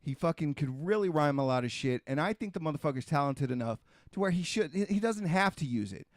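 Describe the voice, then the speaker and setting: Profane ranting man, slightly high voice. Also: lively intonation, quick pace, no echo, studio quality. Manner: heavily profane, emphatic ranting; repetitive, restarts and rhetorical questions. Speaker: podcast host. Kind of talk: casual podcast rant.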